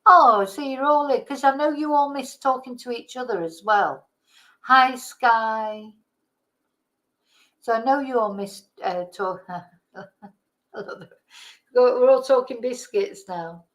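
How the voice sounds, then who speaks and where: A woman's voice: on the high side, slow pace, pauses often, fairly bright tone, poor audio. A middle-aged woman hosting a casual live chat, rambling and greeting her viewers by name, sounding tired. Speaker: livestream host.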